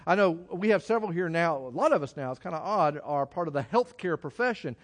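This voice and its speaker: A man preaching a sermon in a folksy, halting way, often restarting his sentences. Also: fairly high pitch, lively intonation.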